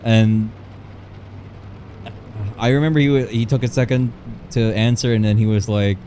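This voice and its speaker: A young man with an ordinary middle-pitched voice chats through a personal story on a livestream. He rambles, restarts sentences and corrects himself mid-thought in a loose, casual way. A faint hum of background noise sits behind him. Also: steady tone, a little slow, dark tone.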